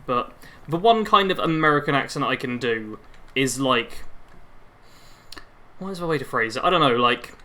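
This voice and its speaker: A man's voice: medium pitch, pushed and bright. A man in his twenties chatting casually with his viewers while playing a game, rambling and reacting to the action mid-sentence. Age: 20s. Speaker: gaming livestreamer.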